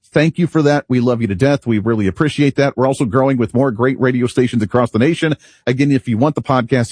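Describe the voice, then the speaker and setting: A man's voice: mid-range voice, a little mellow, husky, no room sound. A man hosting a talk radio show, delivering an opinionated, rambling monologue and laughing at himself, recorded at a studio microphone. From United States.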